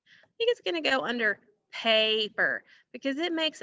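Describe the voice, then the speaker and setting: A teacher leads a recorded phonics lesson in a bright, lively voice. She slows right down to sound out each vowel for her students. The dry, slightly muffled audio points to a computer microphone. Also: on the high side, dry recording. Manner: slow, drawn-out modeling of vowel sounds, addressing students directly.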